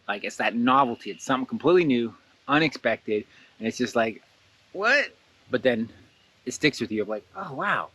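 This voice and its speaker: A man hosting a casual guided blessing exercise, animated and laughing often, jumping into excited high voices when he quotes someone. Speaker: host guiding a blessing exercise. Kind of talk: casual guided meditation talk.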